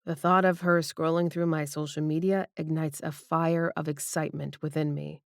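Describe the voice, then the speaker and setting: A woman with a lowish voice narrating a romance audiobook in the first person. Her reading is intimate and expressive. The close studio mic leaves the sound fully dry. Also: normal speed, gravelly, no echo.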